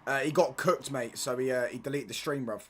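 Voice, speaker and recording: A man's voice: mid-range voice, fairly even intonation, fairly quick, a little hiss or hum. A young man chatting casually on a football watchalong stream, reading chat and bantering in slang with stop-start restarts.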